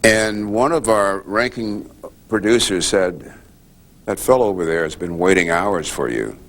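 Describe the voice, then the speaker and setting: An older man, a journalist, answering questions at a press club and telling a story in a measured, deliberate way. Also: sits low, a bit bright. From United States. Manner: measured, deliberate, with pauses and restarts. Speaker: guest speaker, journalist.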